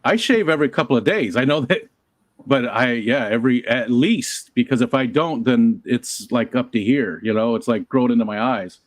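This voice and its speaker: A man's voice: medium pitch, moderate pace, no echo, studio quality. A man co-hosting a casual chat, joking and acting out the lines of people in his stories. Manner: expressive, jokey, acts out quotes.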